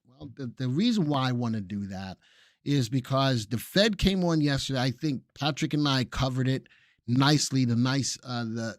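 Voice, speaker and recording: A man's voice: mid-range voice, no echo, studio quality. A man hosting a live stream about the stock market, who chats with viewers, greets them by name and cracks jokes.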